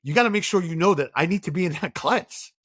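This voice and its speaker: Animated man telling stories, dry sound. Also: high-pitched, quick pace, no echo. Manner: animated storyteller, acts out quoted dialogue. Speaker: guest. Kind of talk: conversational podcast interview.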